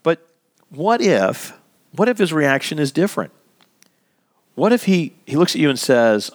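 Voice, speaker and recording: A man leads a workplace lesson, his voice rising and falling widely as he talks. He leans hard on key words and draws them out. The delivery stays conversational and relaxed rather than scripted. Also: on the high side, unhurried, long pauses. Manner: animated and emphatic, stretching key words. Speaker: workplace communication instructor. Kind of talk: instructional talk.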